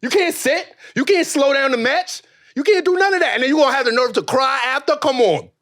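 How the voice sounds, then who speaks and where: A man hosting a podcast, talking in a casual comedic chat with animated, profane, joking rants. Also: very high-pitched, fairly quick. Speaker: podcast host.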